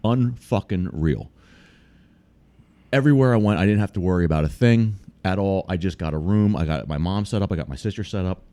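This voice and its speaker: A man's voice: deep voice, brisk, mellow. An American man telling a trip story in casual, profane podcast chat. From United States. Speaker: guest storyteller.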